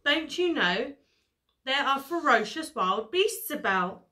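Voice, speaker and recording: A woman's voice: sits high, very animated, takes it slowly, bright, forceful tone, voice pushed up, full character voice. A woman voicing a kindly male bear in a storybook who grows nervous and stammers. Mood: warning. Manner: kindly, then jittery and stammering.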